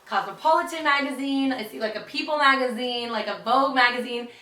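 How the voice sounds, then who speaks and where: A woman's voice: sits high, brisk, sharp tone. A young woman telling a dramatic story in a chatty vlog, full of "like". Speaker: vlogger. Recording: roomy, distant, faint music.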